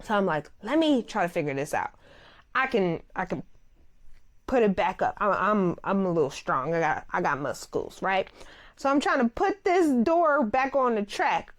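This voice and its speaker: Brief: young adult woman, podcast host, lively casual storyteller, big pitch swings on quotes. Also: normal speed. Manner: animated, expressive, swoops high when quoting others; calls listeners child and baby. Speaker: podcast host and dog groomer.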